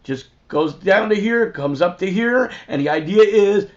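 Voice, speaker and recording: A man hosting and telling a rambling, profane, animated anecdote in a crude comic style. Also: sits high, unhurried. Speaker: host. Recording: dull lo-fi recording.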